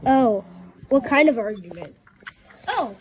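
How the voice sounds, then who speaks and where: A woman's voice: a little high, expressive, measured pace. A woman in playful casual banter, joking and often laughing. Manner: giggly, jokey, often laughing.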